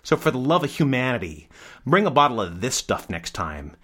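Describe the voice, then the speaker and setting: A man's voice: lowish voice, very animated, a little fast, fairly bright tone. A man hosting a comic wine review show, talking in a sarcastic, brash, mock-outraged way.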